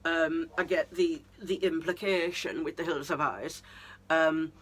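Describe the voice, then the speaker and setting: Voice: mid-range voice, measured pace, a bit bright, breathy edge. A vlogger giving a casual review monologue of a TV season, ranting and incredulous, with many restarts.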